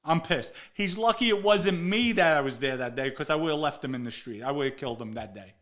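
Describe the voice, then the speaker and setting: A man's voice: fairly high pitch, fast. A man telling a story casually, acting out the dialogue and swearing freely. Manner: animated, acts out quoted dialogue, swears freely. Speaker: storyteller guest.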